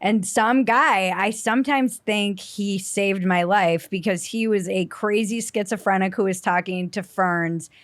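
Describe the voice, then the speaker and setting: A middle-aged woman hosting a podcast, telling stories in a casual, animated way and acting out the people in them. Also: mid-range voice, a little slow, few pauses, dry recording, clean studio sound. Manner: animated storyteller, acts out voices. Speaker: podcast host. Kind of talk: casual storytelling chat.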